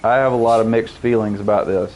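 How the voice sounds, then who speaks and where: A man's voice: fairly low pitch, steady tone, fast talker, a little mellow. Joking man chatting over a game. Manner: joking, rambling, laughs at his own jokes. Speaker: gameplay commentator. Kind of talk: casual let's-play chat.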